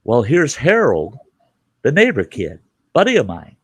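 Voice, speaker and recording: An older man hosts a casual podcast chat, laughing through an animated, profane story. His medium-pitched voice is husky and unhurried, recorded with no room sound.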